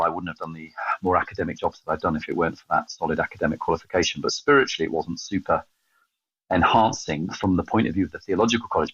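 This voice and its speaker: English man, 50s, guest storyteller. Very low husky voice, rapid delivery, dry close sound. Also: no room sound. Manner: animated storyteller, quick and self-mocking. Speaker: podcast guest, evangelist. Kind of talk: storytelling in a casual interview. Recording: dull, slightly lo-fi sound.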